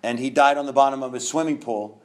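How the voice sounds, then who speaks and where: A man's voice: medium pitch, fairly even intonation, quick pace. A man in his fifties from New York, a guest telling his own story candidly, rambling with restarts and laughs.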